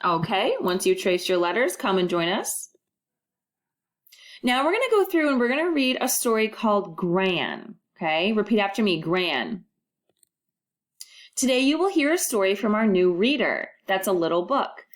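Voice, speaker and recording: A woman teaching a recorded first-grade phonics lesson, modeling sounds clearly and prompting children to repeat after her. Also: mid-range voice, very animated, normal speed.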